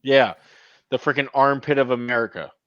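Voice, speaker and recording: A man's voice: medium pitch, moderate pace, a bit bright, no room sound. Teasing man with dry lo-fi sound. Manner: teasing, crude, tells stories with acted quotes. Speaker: podcast host. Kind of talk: casual storytelling chat.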